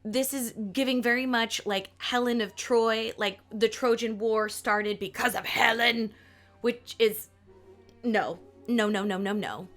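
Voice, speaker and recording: A woman's voice: on the high side, steady tone, slow, a bit bright, soft background music. A woman with a Southern US accent hosting a history podcast, narrating with sarcastic, playful jokes and asides.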